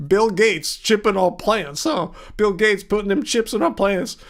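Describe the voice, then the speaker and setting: Here is a sneering conspiracy-minded male hater with a drawling, put-on regional twang, as a livestream host puts him on. The voice sits fairly high and speaks a little slowly in a deliberate, exaggerated way. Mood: mocking.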